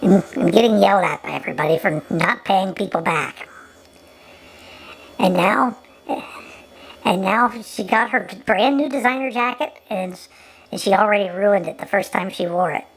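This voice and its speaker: Woman, gravelly voice, sarcastic commentary, repeats words, faint background noise. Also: medium pitch, normal speed, rough recording. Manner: mocking, repeats words often.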